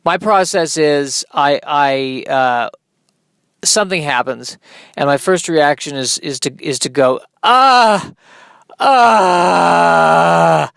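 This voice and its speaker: A man's voice: mid-range voice, a bit bright, smooth, no echo, clean studio sound. A man hosting his own podcast, delivering a rambling, self-deprecating comedic monologue.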